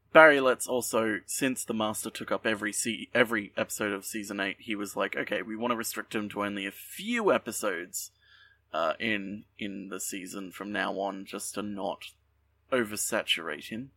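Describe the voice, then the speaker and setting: Podcast co-host, man, low bright voice, filler-heavy rambling, a bit off-mic. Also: recorded from a distance. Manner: rambling, many fillers and restarts. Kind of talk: casual chat.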